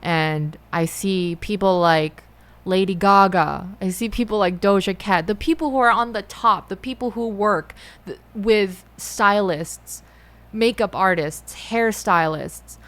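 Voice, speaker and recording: A young adult woman talking through her feelings in a personal monologue, halting and often rephrasing herself. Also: medium pitch, fairly bright tone. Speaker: musician and host.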